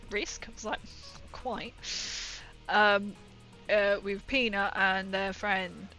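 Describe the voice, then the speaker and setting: A woman's voice: medium pitch, flat delivery, slow pace, sharp tone, soft background music, low-quality recording. A young woman chatting casually and rambling through a story while she paints on a livestream.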